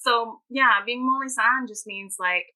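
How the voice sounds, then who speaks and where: Bright-voiced animated woman telling stories. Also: on the high side, unhurried, low-quality recording. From Canada. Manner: animated storyteller, laughs often, acts out quoted voices. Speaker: guest author. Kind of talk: podcast interview.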